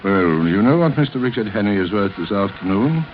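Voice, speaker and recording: An actor playing a stern Scotland Yard inspector who questions firmly, in a 1930s radio drama. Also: male voice, on the low side, very animated, fairly quick, faint music behind. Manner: firm, questioning. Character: stern Scotland Yard police inspector, middle-aged man. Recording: muffled old radio rehearsal tape.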